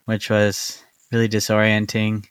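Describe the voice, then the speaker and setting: A man from Arizona co-hosting a podcast, chatting casually with a dry, deadpan humor. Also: on the low side, unhurried, smooth, no echo. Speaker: podcast co-host. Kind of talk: casual chat.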